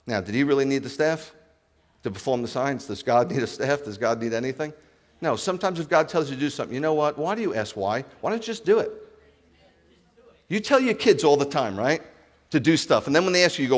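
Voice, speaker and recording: Rabbi guy preaching, acts out the lines, fairly high voice, big hall echo. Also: fast. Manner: animated, acts out dialogue and asks the congregation questions. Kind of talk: sermon. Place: congregation hall.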